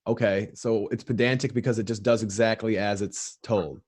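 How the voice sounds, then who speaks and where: A man's voice: lowish voice, steady tone, normal speed, a little mellow. A man hosting a podcast, chatting casually and telling stories with restarts and fillers. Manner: chatty storyteller, restarts and fillers, mimics people he tells about. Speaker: podcast host.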